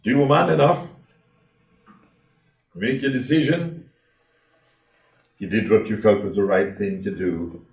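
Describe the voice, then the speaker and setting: A man's voice: lowish voice, a little slow, pauses often. A man preaching a sermon to a congregation, telling the story dramatically and asking them rhetorical questions. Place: church hall. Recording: roomy hall, from a distance.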